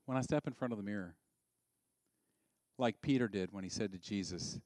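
A man's voice: fairly quick, pauses often, no echo. Male preacher, conversational and dynamic sermon delivery, dry close recording. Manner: animated, swings from loud and high to quiet and low; conversational, asks the audience questions.

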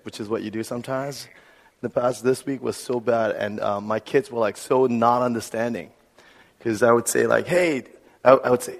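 A hoarse male pastor with laryngitis, giving a chatty, joking sermon to his congregation. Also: medium pitch, moderate pace. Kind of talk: conversational sermon. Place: church sanctuary with congregation. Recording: long hall reverb.

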